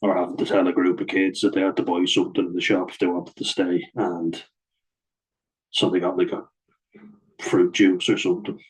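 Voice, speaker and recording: A man's voice: low voice, completely flat delivery, moderate pace, low-quality recording. A middle-aged man, bluntly telling a personal story to camera in a sweary, aggrieved way. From Ireland. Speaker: vlogger.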